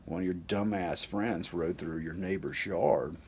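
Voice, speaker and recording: Man re-enacting a gruff, swearing dad barking orders at his son. Low voice, gravelly edge. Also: unhurried, a little mellow, slight background noise. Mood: angry. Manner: cursing, blunt, commanding. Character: angry gruff father scolding his grown son.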